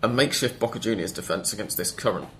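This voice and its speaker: Podcast host, male, low-ish voice, chatty and rambling, stops to fix his own facts. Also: animated, a bit bright, slight background noise. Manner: rambling, stops to correct himself, quick with stats. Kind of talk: casual football podcast chat.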